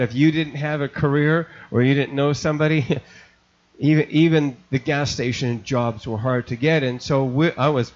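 An older man from Canada, a pastor preaching a sermon and telling a lively story, often repeating words as he goes. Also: on the high side. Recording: dull lo-fi recording.

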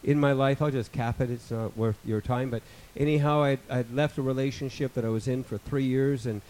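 A man in his fifties preaching a sermon, rambling with joking asides and building to loud, emphatic passages. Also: mid-range voice, fairly even intonation, fairly quick, rough recording. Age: 50s.

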